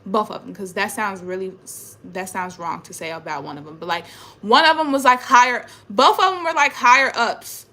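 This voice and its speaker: A young woman talking in a casual, emotional, rambling monologue, swearing often and trailing off quietly. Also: medium pitch, lively intonation, normal speed. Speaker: spiritual vlogger.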